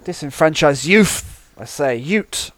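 A man's voice: a little high, animated, takes it slowly, fairly bright tone, no echo. A man co-hosting a casual comedy chat, telling a rambling anecdote full of laughs and self-interruptions. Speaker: podcast co-host.

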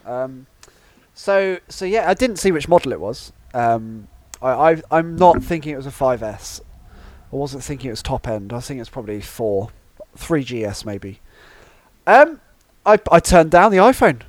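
A man's voice: mid-range voice, sing-song, normal speed. A man co-hosting a casual comedy chat, telling a rambling anecdote full of laughs and self-interruptions. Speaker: podcast co-host.

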